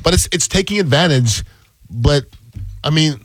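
A man's voice: fairly high pitch, animated, moderate pace, breathy edge, dry recording. A man in casual chat, cracking jokes and adding short replies, then telling a personal story. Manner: joking banter, short interjections.

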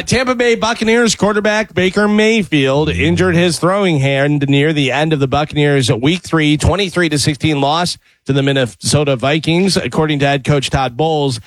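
A man's voice: fairly high pitch, dry recording, rough recording. A man reading the news on a morning radio show, plainly and with joking asides. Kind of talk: casual radio news segment. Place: radio studio.

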